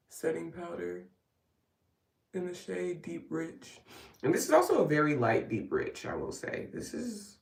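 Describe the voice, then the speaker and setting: In a creaky, lowish voice, a vlogger chats casually and rambles with wry asides while doing her makeup on a live get-ready stream from home. The recording is roomy and captured from a distance.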